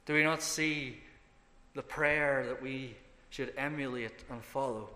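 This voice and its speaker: A man's voice: mid-range voice, fairly even intonation, slow pace, a bit bright. A man preaching a sermon as pastor, emphatic and building through repeated phrases. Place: church sanctuary. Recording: echoey hall reverb.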